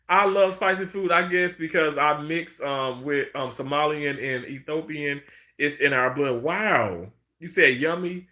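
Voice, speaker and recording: A man's voice: on the high side, unhurried, pushed and bright. A man chatting casually on a live stream, rambling about food and greeting viewers by name.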